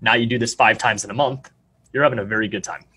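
Fast-talking confident young salesman. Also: on the low side, pushed and bright, slightly rough. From Arizona, USA. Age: young adult. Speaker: real estate agent, guest. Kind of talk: podcast interview.

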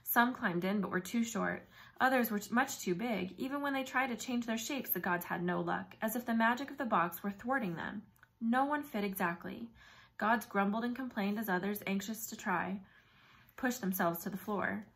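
A woman reading a novel aloud in first person, with brisk, vivid storytelling. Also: medium pitch, a bit bright. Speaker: audiobook narrator.

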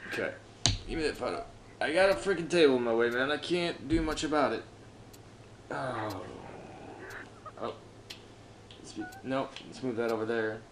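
At a moderate pace and pausing often, this streamer talks to himself through his own gameplay, frustrated and swearing without letup. Background noise accompanies his lively pitch, which swings between mutters and yells.

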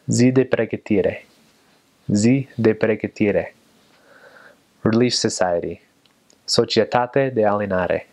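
A young man who served as a missionary, talking slowly and carefully and repeating each word. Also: lowish voice, creaky, darkish tone. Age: young adult. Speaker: returned missionary. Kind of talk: casual talk with vocabulary recitation.

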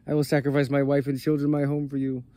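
A man's voice: mid-range voice, completely flat delivery, fast, dark tone, natural voice. A man voicing a humble, devoted male shepherd, earnest and pleading in his lines.

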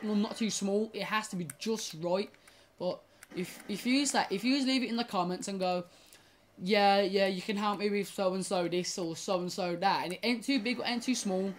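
A woman's voice: mid-range voice, moderate pace, a little hiss or hum. A young woman rambles to her viewers while playing a game, often restarting her sentences and swearing at the game. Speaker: gaming YouTuber. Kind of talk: casual gaming commentary.

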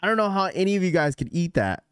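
A man's voice: sits high, big pitch swings, quick pace, smooth, no echo, clean studio sound. A man hosting a live stream, talking casually and rambling to his chat. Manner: rambling, chatty, talks straight to chat. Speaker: livestream host.

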